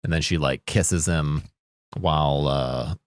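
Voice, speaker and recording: A man's voice: very deep voice, takes it slowly, dry recording, clean studio sound. A man co-hosting a podcast, rambling casually and acting out lines from scenes. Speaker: podcast co-host. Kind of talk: casual chat.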